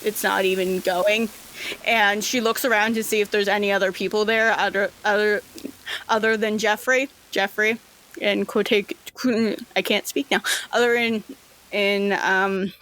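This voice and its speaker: Woman game master narrating a tabletop game; slow, rambling delivery. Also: mid-range voice, flat delivery, fairly bright tone. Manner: rambling, filler-heavy.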